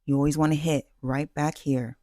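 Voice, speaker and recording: A woman's voice: sits low, flat delivery, moderate pace, warm tone, no room sound, studio quality. A woman vlogger giving dating advice in a casual, self-assured way, emphatic and full of fillers and restarts. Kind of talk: casual talking-head advice.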